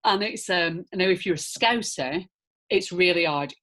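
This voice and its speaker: An actress from northern England, guesting at a casual Q&A, chats in a rounded, slightly old-fashioned Lancashire accent, animated and full of fillers, asides and "do you know what I mean". Her voice is lowish and unhurried.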